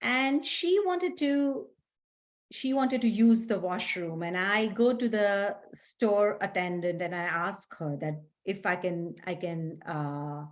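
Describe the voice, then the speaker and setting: A middle-aged woman speaker giving a workshop talk to an audience, telling stories with animated acted-out scenes. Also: medium pitch, slow. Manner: animated storyteller, acts out scenes. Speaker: guest speaker.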